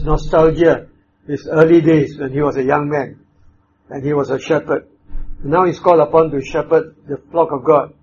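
A man preaching a sermon, speaking in a measured, emphatic way with pauses and fillers. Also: on the high side, darkish tone, a little hiss or hum. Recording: dull lo-fi with faint ambience.

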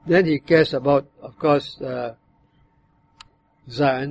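A man preaching a sermon, explaining a verse in a measured way and sometimes voicing other tones to show its meaning. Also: medium pitch, steady tone, a little hiss or hum. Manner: measured, explanatory, acts out bitter and demanding tones when quoting. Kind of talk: sermon on a psalm.

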